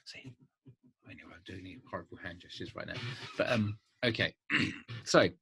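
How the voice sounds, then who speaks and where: A man in his fifties, a vlogger talking to camera in a rambling, animated way with many restarts. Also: low voice, normal speed, creaky, a little hiss or hum. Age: 50s. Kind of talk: casual monologue to camera.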